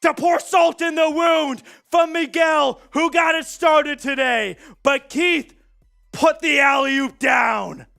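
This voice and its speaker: Excited male stream host; high, gravelly, slow, shouting chat shout-outs. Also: soft background music. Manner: shouting excitedly, reading out super chats. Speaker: sports show host. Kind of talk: live-stream sports talk.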